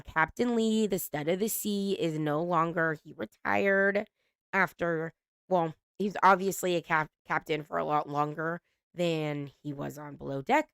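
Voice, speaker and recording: A woman's voice: lowish voice, a bit bright, clear, resonant tone, dry recording, clean studio sound. A woman hosting a casual reality TV recap, chatty, laughing often and swearing casually.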